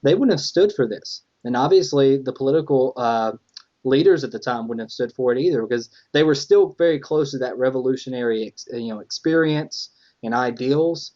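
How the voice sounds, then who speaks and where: A man's voice: mid-range voice, fairly quick, warm tone. A man co-hosting a casual political chat podcast, talking with amused emphasis and sometimes reading aloud. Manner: reads a letter aloud with amused emphasis, laughing at it. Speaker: podcast co-host. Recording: dull lo-fi podcast audio.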